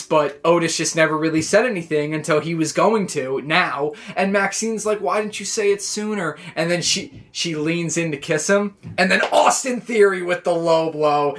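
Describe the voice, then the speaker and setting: A man recapping a wrestling show in a casual, excitable, rambling way, full of "like" and restarts. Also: on the high side. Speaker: wrestling reaction vlogger.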